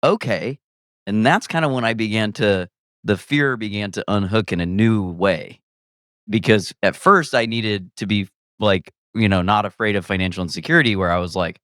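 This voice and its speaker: A man's voice: lowish voice, normal speed, smooth, no room sound, studio quality. A man, a guest comedian, talking candidly in a casual conversation, reflective and rambling, restarting his sentences and laughing often. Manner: reflective and rambling, with frequent restarts and lively self-quotes.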